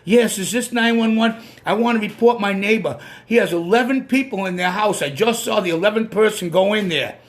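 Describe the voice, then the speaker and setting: A man's voice: high voice, a little fast, few pauses, natural voice. A man voicing a nosy woman who reports her neighbors to the police. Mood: tattling. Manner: tattling, complaining.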